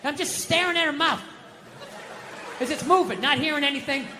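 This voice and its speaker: A man's voice: extremely high pitch, fairly quick, a crowd in the background, background noise. Profane, ranting stand-up comedian man. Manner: ranting, profane, exasperated storytelling. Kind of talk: stand-up routine. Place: live comedy stage. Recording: reverberant venue with faint background ambience.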